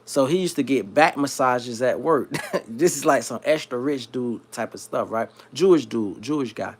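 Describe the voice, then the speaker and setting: A man from South Florida who hosts a livestream, telling a long story in a slangy, rambling, animated way. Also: mid-range voice, normal speed, slightly rough. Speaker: livestream host. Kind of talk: casual storytelling.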